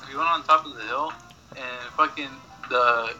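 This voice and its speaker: A man's voice: mid-range voice, moderate pace, sharp tone, highs cut off, soft background music. A young man chatting casually, telling rambling stories full of swearing and laughing at himself. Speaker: podcast regular. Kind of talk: casual chat, storytelling.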